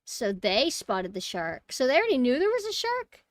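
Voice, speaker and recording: A woman streamer talking casually to her viewers, excitable and swearing freely. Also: high voice, normal speed, noisy background. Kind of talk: casual live-stream commentary. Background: game music.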